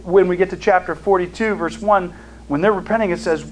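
A man teaching a Bible study in a conversational way. He reads scripture aloud and pauses to explain it, with fillers and restarts. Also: high-pitched, steady tone, a little hiss or hum, rough recording. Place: seated, studying notes.

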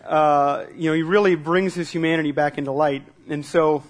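A man preaching a sermon in a relaxed, conversational way at a church service, repeating words as he starts sentences and asking the congregation questions. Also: fairly high pitch, moderate pace. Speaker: pastor.

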